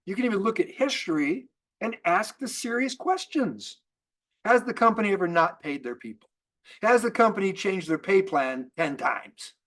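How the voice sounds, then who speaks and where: A man giving an energetic business training talk to a sales team, asking rhetorical questions and often restarting his sentences. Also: high-pitched, moderate pace. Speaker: network marketing trainer.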